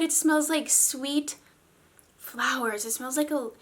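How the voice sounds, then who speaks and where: A woman's voice: high voice, takes it slowly, bright, forceful tone. A young woman reviewing makeup in a chatty, gushing way, full of fillers. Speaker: beauty vlogger. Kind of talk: casual product review.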